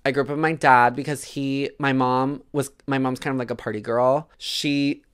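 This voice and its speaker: A woman's voice: rumbling low, steady tone, normal speed, clean tone. A woman from Wisconsin telling a painful personal story in an interview, casual with many fillers, fighting back tears. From Wisconsin, United States.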